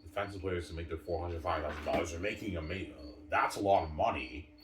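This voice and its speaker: Deep-voiced man ranting, echoey room. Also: quick pace, noisy background. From Canada. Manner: insistent and repetitive, stumbling restarts, keeps saying "obviously" and "man". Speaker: vlogger. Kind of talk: opinionated sports rant. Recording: roomy, distant mic, faint background ambience.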